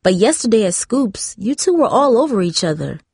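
A woman's voice: a little high, big pitch swings, normal speed, darkish tone, slightly rough, no room sound, clean studio sound, pitched above the performer's own voice, heavily acted. Darcy, a woman voicing an earnest teen girl. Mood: worried. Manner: earnest, pleading. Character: teen girl, cautious and caring friend.

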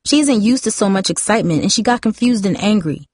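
A woman reading a novel aloud, voicing a guarded older teenage sister who speaks low, subdued and tired. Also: animated, fast, a little mellow, no echo, studio quality, close to an everyday voice. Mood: irritated.

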